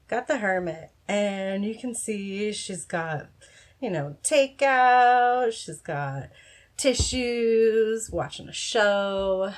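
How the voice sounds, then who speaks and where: A woman giving a casual, frank pick-a-card tarot reading, encouraging and swearing now and then. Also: lowish voice. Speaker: tarot reader.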